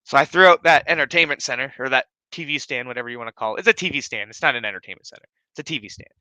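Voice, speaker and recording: A man's voice: mid-range voice, very fast, bright, forceful tone, smooth, no echo, rough recording. A man hosting a casual home podcast, telling a rambling, profanity-heavy story full of fillers. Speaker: podcast host. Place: his living room at home. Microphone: streaming setup.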